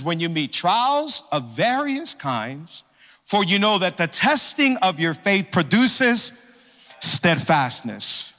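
A male pastor preaching in a church sanctuary, his high voice rising into a rhythmic, sing-song cadence. He calls out to the congregation for responses. His bright tone rings through a long hall reverb. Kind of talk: sermon.

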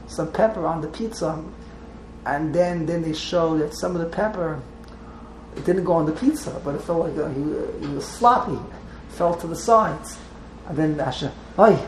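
A man's voice: a little high, normal speed, darkish tone, slight background noise, rough recording. A man teaching a text class to a small group, wandering off into side stories and restarting his sentences often. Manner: digressive, restarts often, mixes Hebrew terms.

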